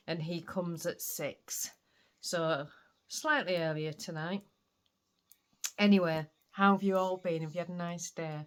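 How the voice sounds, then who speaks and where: A woman's voice: fairly low pitch, fairly bright tone. A woman with a Yorkshire accent, chatting casually to camera in a home vlog and laughing often. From England. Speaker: vlogger. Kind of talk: casual chat.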